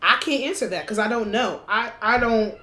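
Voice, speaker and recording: A woman's voice: fairly high pitch, normal speed, pushed and bright, reverberant. A woman co-hosting a casual chat podcast, talking frankly and bluntly and swearing casually. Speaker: podcast co-host. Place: room with window open.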